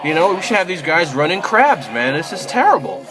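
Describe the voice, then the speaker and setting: A man's voice: fairly high pitch, big pitch swings, fairly quick, over music. A man giving a casual, rambling rant as a football fan, exasperated and swearing, with lots of fillers like "you know" and "man".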